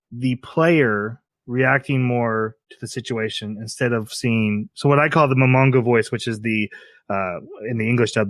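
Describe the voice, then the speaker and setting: A man co-hosting a podcast discusses things casually, in a critical and thoughtful way, and laughs often. His voice is medium-pitched and a bit bright, with no echo.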